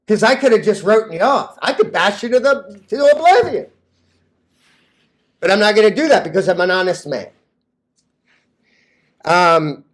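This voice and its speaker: A brash young man hosting a casual stock-trading vlog, cocky and quick to laugh at his own jokes. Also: sits high, very animated. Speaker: stock vlogger.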